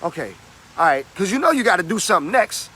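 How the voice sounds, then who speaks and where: A man's voice: high-pitched, very animated, quick pace, pushed and bright, slightly rough. A man giving a motivational talk in an emphatic, slangy, preachy storytelling manner. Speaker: motivational speaker.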